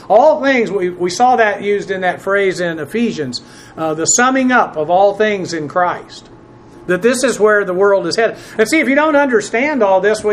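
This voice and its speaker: A man teaching a Bible passage word by word from the Greek, spelling terms letter by letter and filling pauses with "uh". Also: high-pitched, a little hiss or hum. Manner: spells out Greek words letter by letter, many "uh" fillers; presses emphatic points with rising force.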